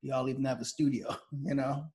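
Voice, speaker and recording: A man's voice: medium pitch, flat delivery, normal speed, mellow, husky. A man hosting a podcast in laid-back casual chat, filling his talk with "like" and "you know" and laughing often. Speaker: podcast host.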